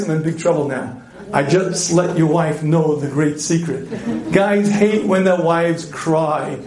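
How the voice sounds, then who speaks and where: Guy doing a marriage seminar, jokey and lively, kinda high voice, echoey hall. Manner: animated, joking, frequent throat clearing. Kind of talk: live seminar talk to an audience.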